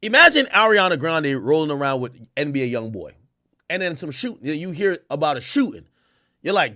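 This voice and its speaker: A man hosting a casual stream, talking to his chat in animated, profane commentary and acting out quotes. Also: fairly high pitch, normal speed, no echo, studio quality. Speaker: streamer host.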